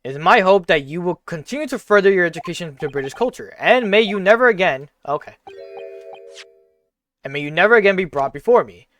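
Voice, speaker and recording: A man voicing a formal British judge who delivers his ruling in measured, stately words. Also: high-pitched, lively intonation, fairly bright tone, soft background music, pitched below the performer's own voice. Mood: solemn.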